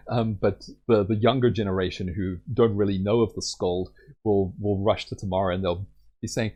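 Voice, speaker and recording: Low-voiced man narrating a solo tabletop game. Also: fairly even intonation, fairly quick, a little mellow. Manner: rambling, many fillers and restarts.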